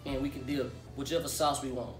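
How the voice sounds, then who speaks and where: A man's voice: medium pitch, level tone, a little fast, distant mic. A man joining a casual vlog and tossing out laid-back jokes. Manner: joking, laid-back remarks. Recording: echoey room, off-mic, with music.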